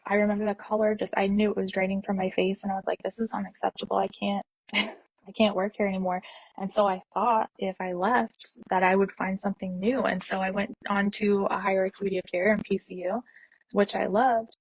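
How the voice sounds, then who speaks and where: A woman nurse tells a personal story and acts out every quoted line with feeling. Her voice is soft and slightly breathy. The recording is close and dry, with no room echo. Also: medium pitch, level tone, brisk. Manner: intense, emotional retelling with quoted dialogue.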